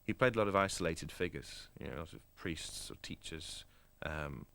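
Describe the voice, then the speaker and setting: A man's voice: a bass voice, expressive, moderate pace, creaky, a bit bright. A man in a documentary interview who speaks thoughtfully and analytically, slipping into brief imitations. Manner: thoughtful, analytical, with mimicking asides.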